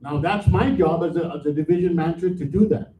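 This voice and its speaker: A man's voice: on the high side, fast, dark tone, a little hiss or hum. A man, a division manager speaking bluntly and with frustration during public comment at a board meeting. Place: meeting hall. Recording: echoey room, far from mic, tinny.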